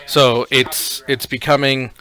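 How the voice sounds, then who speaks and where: Bright-voiced man chatting about card decks. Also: medium pitch, little pitch movement, slow pace. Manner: chatty, explains card rules with many fillers. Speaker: co-host. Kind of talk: casual card-game commentary.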